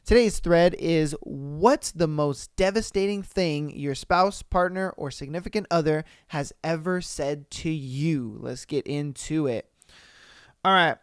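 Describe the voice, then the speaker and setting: A man's voice: fairly high pitch, unhurried, smooth, no room sound, clean studio sound. A man hosting a podcast, reading posts aloud and reacting in casual, slangy, profane disbelief. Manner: swears freely, incredulous, slangy. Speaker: podcast host.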